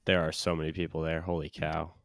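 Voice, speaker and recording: A man co-hosting a podcast while sick, sounding low on energy and giving short laid-back reactions in casual chat. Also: flat delivery, fairly quick, creaky, a bit bright, dry recording, clean studio sound. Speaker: podcast co-host.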